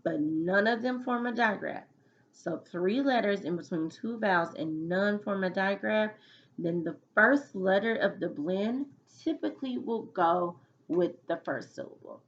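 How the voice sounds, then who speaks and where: A woman's voice: medium pitch, expressive, unhurried, lo-fi sound. A woman teaching a phonics lesson to children, patiently sounding out letters and syllables one by one.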